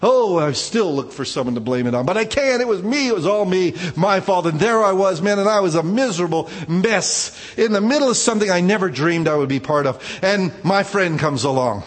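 Preaching in a big-sounding room, this pastor's voice sits high and animated, moving fairly quickly with few pauses. His sermon is conversational and informal, built on personal stories and sprinkled with "man" asides.

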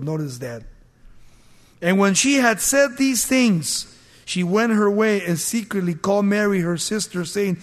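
Man preaching, high voice, animated storytelling delivery, long hall echo. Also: measured pace. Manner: animated, acts out the people in the scripture story with laughs. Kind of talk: sermon.

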